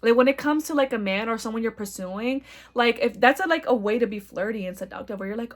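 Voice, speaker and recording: Loud, blunt young woman with a stutter. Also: a little high, fast talker. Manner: blunt and profane, chatty. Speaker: podcast host. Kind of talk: casual solo podcast monologue.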